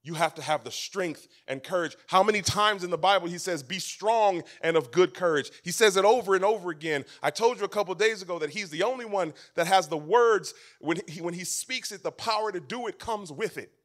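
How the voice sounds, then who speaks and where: Pastor guy preaching, goes big and loud then drops almost to a whisper, repeats stuff for punch. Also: high-pitched, brisk, hardly any pauses. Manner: dramatic swings from loud emphasis to hushed, near-whispered lines; emphatic repetition of phrases. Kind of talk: sermon. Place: church camp meeting.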